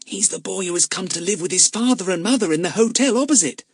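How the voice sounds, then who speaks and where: A man reading an audiobook, voicing a schoolboy who speaks in a low, confiding way. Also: animated, fast talker, breathy edge, no room sound, clean studio sound, full character voice. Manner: confiding, disapproving.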